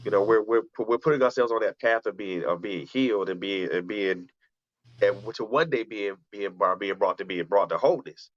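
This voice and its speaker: A man who hosts a radio talk show and writes poetry speaks in a lowish voice at a fairly quick clip, earnest and often restarting phrases as he reflects. He moves from conversation into spoken-word poetry. The audio is dull with no echo.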